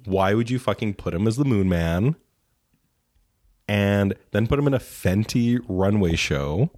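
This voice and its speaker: A man's voice: lowish voice, expressive, unhurried, a little mellow, no room sound, studio quality. A man co-hosting a casual chat, snarky and ranting, swearing freely. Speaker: podcast co-host.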